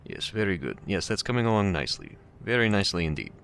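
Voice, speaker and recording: Man doing a low-voiced, courteous Russian neighbor for a game read-aloud, faint hiss behind. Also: big pitch swings, fast talker, gravelly, a bit bright, full character voice. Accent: put-on Russian. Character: cultured Russian man, pleasant and polite.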